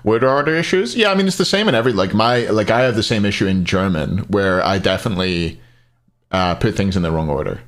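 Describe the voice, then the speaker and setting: Low-ish guy casting on stream, rambly, answers chat between plays. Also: lively intonation, fast. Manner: rambling and chatty, answers chat questions aloud. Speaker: esports caster streaming a match. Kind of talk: casual live-stream commentary.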